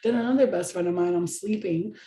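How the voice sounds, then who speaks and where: A young woman tells profane, rambling stories, laughing often. Her voice is mellow and dark-toned. It rings in a roomy space with a noticeable echo. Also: on the low side, a little fast. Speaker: vlogger. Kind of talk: casual storytelling.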